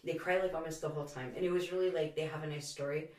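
A woman guest in a casual podcast chat, an animated storyteller who swears freely. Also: deep voice, very fast, roomy sound, recorded from a distance, a crowd in the background.

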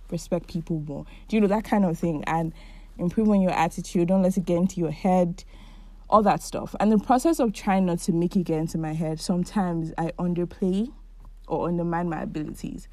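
A woman in her twenties, hosting her podcast solo, talks openly about how she feels, warm and chatty with lots of "like." Her voice is lowish and there's no echo.

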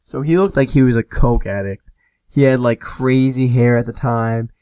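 A young man hosting a podcast, telling a long story in a casual, profane, animated way, often acting out the other people's lines. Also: mid-range voice, normal speed, smooth, dry recording. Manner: profane, animated, tosses in quoted voices. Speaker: podcast host.

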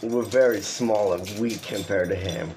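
A man hosting a podcast, reading an online story aloud and breaking in with crude, animated comments. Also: on the low side, moderate pace, a loud crowd. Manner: profane, animated storytelling with asides. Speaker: podcast host.

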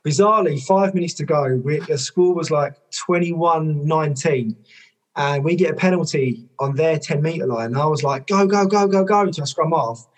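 A man, a former rugby player and coach, telling stories in a podcast conversation, lively, with lots of "like" fillers and casual swearing. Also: on the high side, normal speed. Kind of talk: conversational storytelling.

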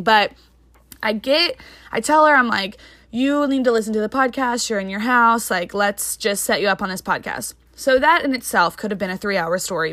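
Fast-talking young woman podcaster, dry sound. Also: medium pitch, bright, forceful tone, dry recording. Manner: fast rambling talk with many fillers. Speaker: podcast host. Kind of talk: casual solo podcast chat.

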